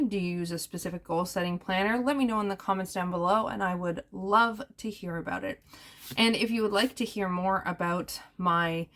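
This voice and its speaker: A woman's voice: medium pitch, a bit bright. A woman hosting her own video channel, talking casually in a chatty, upbeat way with rambling asides. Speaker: YouTube host. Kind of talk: casual vlog chat.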